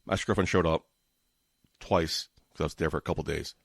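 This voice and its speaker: This casual solo podcast host is a man in his forties with a New York accent and a very deep, gravelly voice that has a breathy edge and fairly even intonation. He speaks quickly, tends to mumble and trip over words, and breaks into exasperated rants. His home podcast setup yields a dry, clean studio sound.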